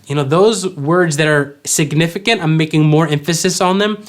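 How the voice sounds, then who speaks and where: A man teaching worship vocals, explaining clearly and singing short examples. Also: on the high side, moderate pace, hardly any pauses, faint music behind. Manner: clear, instructive, demonstrates by singing. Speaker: vocal coach. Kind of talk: vocal tutorial with sung examples.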